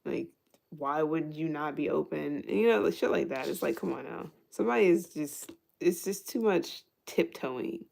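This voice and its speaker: A woman's voice: low voice, animated, normal speed, vocal fry, a little mellow. A woman giving a casual tarot reading who thinks aloud, restarts her sentences, swears freely and laughs often. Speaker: tarot reader.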